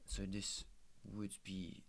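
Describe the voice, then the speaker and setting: A man's voice: low voice, completely flat delivery, takes it slowly, gravelly, slight background noise. A young man chatting casually while trading, laid-back and slangy, swearing freely. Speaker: trader streaming his trading. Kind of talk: casual chat.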